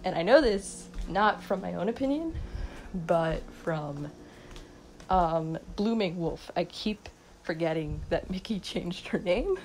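A woman's voice: lowish voice, lively intonation, takes it slowly, a little mellow, slight background noise, low-quality recording. A young woman in her teens rambling unscripted into her phone at night, giggling, mumbling and sleep-deprived after staying up all night. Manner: giggly, self-mocking, mumbling. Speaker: vlogger. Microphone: phone mic.

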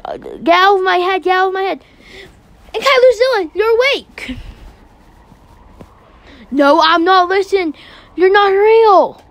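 A woman's voice: extremely high pitch, a little slow, pauses often, no room sound, pitched above the performer's own voice. A woman playing a stubborn young hero who sounds defiant and exasperated.

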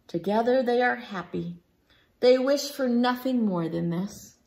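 A woman reading a picture book aloud for children, slow and expressive. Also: a little high, vocal fry. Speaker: storybook reader.

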